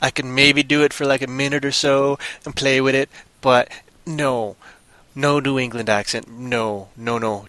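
Bright-voiced rambling man. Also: mid-range voice, steady tone, unhurried, dry recording. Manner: rambling, jokey, slips into silly voices. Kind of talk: casual chat.

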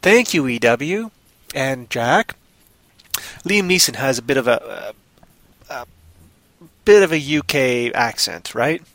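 A man's voice: medium pitch, lively intonation, slow pace, pauses often, dry recording. A man hosting a podcast, chatting casually in a rambling, jokey way. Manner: rambling, jokey, bursts of loud goofy voices. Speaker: podcast host. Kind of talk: casual chat.

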